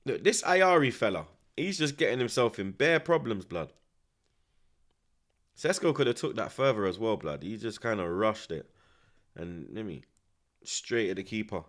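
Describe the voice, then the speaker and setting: Young man, low voice, animated up-and-down delivery, slangy casual reaction chat. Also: normal speed, long pauses. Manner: animated, street slang, frequent tag questions. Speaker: streamer.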